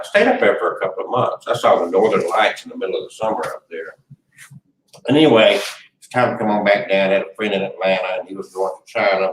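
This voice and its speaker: Very deep-voiced man in his sixties. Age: 60s. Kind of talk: casual chat. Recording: roomy, distant mic, faint noise.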